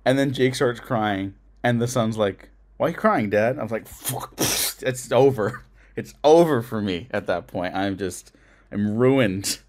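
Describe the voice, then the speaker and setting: A man's voice: on the low side, moderate pace. A man co-hosting a casual film review podcast, earnest and profane, laughing often as he recounts his own reactions.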